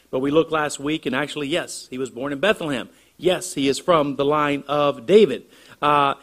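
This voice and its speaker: Male pastor, slightly high voice, earnest sermon delivery with rhetorical questions. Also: a bit bright.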